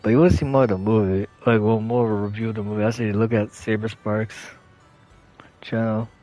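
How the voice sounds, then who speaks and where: A man's voice: lowish voice, fairly even intonation, brisk, mellow, faint music behind. A young man chatting casually as a channel host, rambling with lots of fillers and self-corrections. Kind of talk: casual chat.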